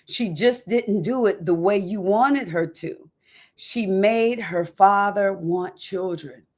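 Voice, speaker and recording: A woman voicing a calm divine voice that speaks slowly and evenly in her memoir. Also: mid-range voice.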